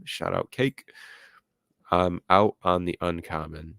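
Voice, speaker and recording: A man's voice: sits low, fairly even intonation, takes it slowly, gravelly, a bit bright, clean tone, no echo, studio quality. A young man hosting a casual livestream, reading chat comments aloud and rambling with lots of fillers. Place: home room with music playing nearby.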